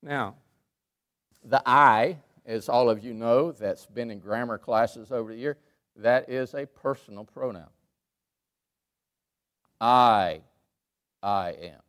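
A man preaching a sermon in a church, emphatic, rising to loud peaks and dropping to quiet asides. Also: medium pitch, unhurried. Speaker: pastor. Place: church sanctuary.

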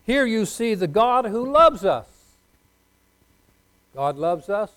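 A man delivers a sermon in a voice pitched a little high for a man. He leads the congregation in call-and-response and swings from soft, low asides to loud, emphatic lines. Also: very animated, slow, rough recording. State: unwell. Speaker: preacher.

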